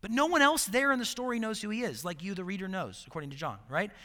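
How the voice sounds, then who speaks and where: Guy preaching a sermon, high bright voice, chatty and animated, gets loud then drops to a hush, long hall reverb. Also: quick pace. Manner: conversational, animated, swings between loud and hushed.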